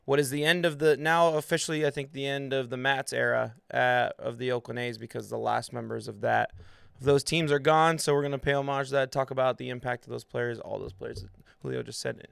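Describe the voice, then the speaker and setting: A man's voice: medium pitch, steady tone, fairly quick, gravelly, a bit bright, clean tone, no room sound, clean studio sound. A man co-hosting a fan podcast, talking loosely with lots of fillers. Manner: loose, rambling, with many fillers. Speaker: podcast co-host. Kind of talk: casual chat.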